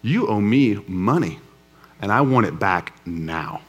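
A man's voice: on the low side, lively intonation, slow, husky, lo-fi sound, soft background music, heavily acted. A man voicing a servant in a parable who begs for mercy and then viciously demands money from another. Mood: menacing. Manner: pleading, then menacing. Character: desperate debtor turned vicious servant.

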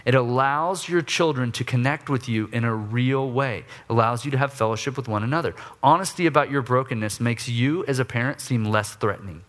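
A man preaching, telling a personal story with lively acted-out outbursts and quiet, soft confession. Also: a little fast, hardly any pauses. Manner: animated storytelling, acts out his own griping in raised voice; drops low and soft for confession. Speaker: pastor.

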